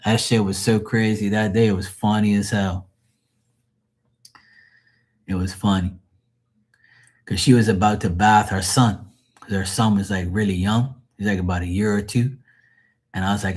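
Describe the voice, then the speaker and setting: A man's voice: lowish voice, steady tone, normal speed, pauses often, a little mellow. A man hosting a late-night live tarot stream, telling stories in a rambling, profane way and laughing at them. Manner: laughs often at his own stories. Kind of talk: late-night livestream storytelling.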